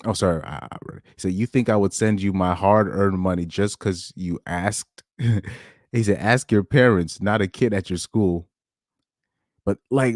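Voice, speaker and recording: Animated low-voiced male podcaster. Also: moderate pace, no room sound, clean studio sound. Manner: animated, laughs often, pitch jumps up when incredulous; rambling, with frequent restarts. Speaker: podcast host. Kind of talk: casual commentary reading screenshots.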